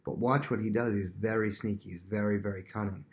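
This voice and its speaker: A man's voice: on the low side, fairly even intonation, brisk. A man teaching a recorded Bible lesson in a conversational way, acting out scenes and often repeating himself.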